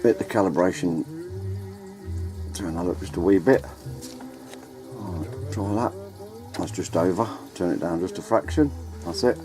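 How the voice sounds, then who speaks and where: Over music, a man with a low-sitting voice speaks a little slowly and pauses often. This radio hobbyist vlogger gives casual, rambling commentary to a handheld camera outdoors at home, on ladders and in the garden, correcting himself as he goes.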